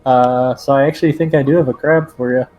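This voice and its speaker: A man's voice: medium pitch, fairly even intonation, darkish tone, low-quality recording. Man, game master, casual and profane, lots of uhs, faint background noise. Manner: casual, swears freely, fills pauses with "uh" and "um". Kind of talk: running a tabletop game over voice chat.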